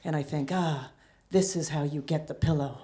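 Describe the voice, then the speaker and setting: A woman telling a personal story on a small theater stage, lively and acting out her own dialogue. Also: normal speed. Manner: animated, acts out dialogue in a high excited voice. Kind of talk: live storytelling.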